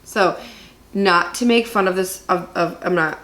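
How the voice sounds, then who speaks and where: A woman co-hosting a podcast, telling a story in a rambling, animated way and laughing as she goes. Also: fairly low pitch, unhurried, roomy sound. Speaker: podcast co-host. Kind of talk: casual chat.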